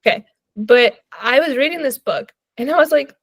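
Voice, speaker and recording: A woman's voice: fairly high pitch, lively intonation, fairly quick, fairly bright tone, no room sound. A young woman co-hosting a book podcast, chatting casually and animatedly, laughing and filling her talk with "like". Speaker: podcast co-host.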